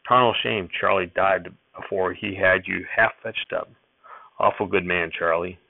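A man's voice: fairly low pitch, lively intonation, moderate pace, vocal fry, husky, dry recording, full character voice. A man voicing a cranky old farmer grandfather who scolds and hollers in a rural drawl. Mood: gentle sorrowful. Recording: dry tinny phone-like sound.

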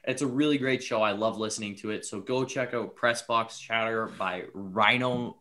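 A man's voice: on the low side, normal speed, bright, forceful tone. A young man co-hosting a podcast, chatting casually in an upbeat way, plugging shows and asking questions. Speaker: podcast co-host. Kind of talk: casual chat.

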